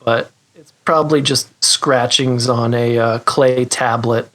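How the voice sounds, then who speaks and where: Male podcast guest, mid-pitched, rambling, self-mocking, casual. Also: fairly even intonation, measured pace, a bit bright. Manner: rambling, self-deprecating, laughs. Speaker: guest, guitar pedal maker. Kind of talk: casual interview chat.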